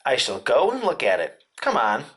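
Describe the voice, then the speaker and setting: A man reading a calm, kindly boy. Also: mid-range voice, normal speed. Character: kind, calm young boy. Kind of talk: storybook read-aloud.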